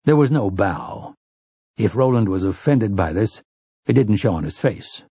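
A man narrating a novel in steady, unhurried audiobook style. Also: fairly low pitch, slightly rough, dry recording, studio quality. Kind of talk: scripted narration.

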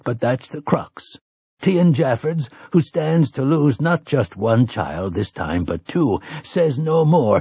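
A man voicing an earnest middle-aged priest who talks quickly and a little pleadingly. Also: a little high, a little mellow, slightly rough, no room sound, clean studio sound, voice pushed up, full character voice.

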